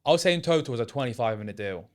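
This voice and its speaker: Racing through his answers in an expressive, medium-pitched voice, a young adult Englishman, an ex-apprentice who now works as a sales setter, is interviewed. He sounds casual yet hesitant, repeatedly trailing off and starting his thoughts over.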